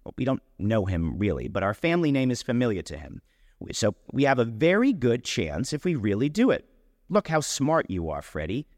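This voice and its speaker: An eager young woman with a stubborn streak comes through as she coaxes and insists, her voice lifting and swooping with lively rises, as a man reading the story puts her on. The reading is audiobook-style, closely miked with a long reverb tail behind it. There is no roominess in the nearby sound; the trail is long and hall-like. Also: medium pitch, moderate pace, studio quality, close to an everyday voice. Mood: coaxing. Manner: insistent, coaxing. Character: eager determined young woman, proud and pushy.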